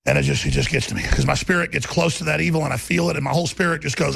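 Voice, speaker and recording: A man hosting a talk radio show, delivering an impassioned, ranting monologue that keeps rising to shouts. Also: a little high, expressive, fast talker, gravelly, hardly any pauses, breathy edge, no echo.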